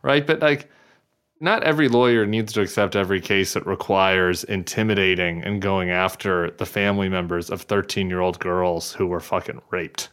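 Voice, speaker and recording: A man hosting a podcast, with a low, smooth, resonant voice. He talks loosely and gets heated, full of fillers and restarts. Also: steady tone, normal speed, fairly bright tone. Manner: casual, rambling, heated, many fillers. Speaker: podcast host. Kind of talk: podcast interview.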